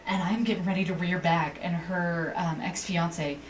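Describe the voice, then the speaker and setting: Woman chatting on a podcast, lowish voice, acts out what people said, sits back from the mic, light hiss. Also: moderate pace. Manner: animated storyteller, acts out quotes, swears. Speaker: podcast co-host. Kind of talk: casual storytelling chat. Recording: distant mic with faint hiss.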